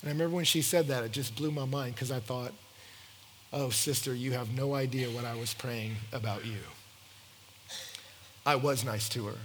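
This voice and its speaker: A man preaching a sermon, telling stories and acting out dialogue in an animated way. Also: mid-range voice, normal speed, pauses often, slight background noise. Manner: animated, acts out dialogue in voices. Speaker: pastor. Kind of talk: sermon with storytelling. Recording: long hall reverb.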